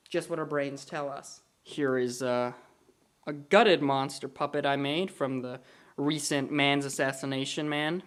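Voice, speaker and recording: Enthusiastic young man in an echoey room. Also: fairly high pitch. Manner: enthusiastic, playful, rambling. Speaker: puppet animator showing his work. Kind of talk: casual video tour. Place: room at home with posters and puppets.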